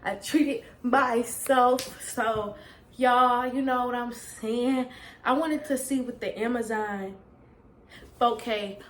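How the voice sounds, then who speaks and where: Young woman, bubbly unboxing vlogger who keeps saying "y'all"; slightly high voice, roomy echo. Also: slow pace, slight background noise. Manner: gushing, excitable, talks straight to viewers with "y'all". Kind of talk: casual unboxing vlog.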